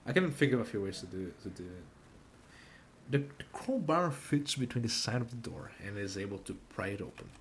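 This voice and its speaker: A man's voice: fairly low pitch, lively intonation, brisk. Half drunk guy rambling and stumbling thru a game at night, faint hum behind. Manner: rambling, stumbling, self-mocking. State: tipsy. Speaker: gamer playing a narrative game. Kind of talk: casual gameplay commentary.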